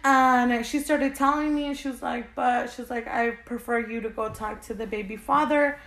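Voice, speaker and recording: Young podcast co-host, high-ish voice, candid storyteller. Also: female voice, normal speed, vocal fry. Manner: animated storytelling, acting out quoted lines, laughing; quieter and subdued when recounting the loss. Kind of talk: casual chat, telling a personal story.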